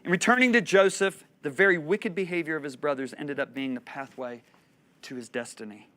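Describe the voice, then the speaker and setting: A man in his fifties preaching a sermon, telling stories with animated delivery and frequent laughter. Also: fairly high pitch, a little fast. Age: 50s. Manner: animated storytelling, laughing between points.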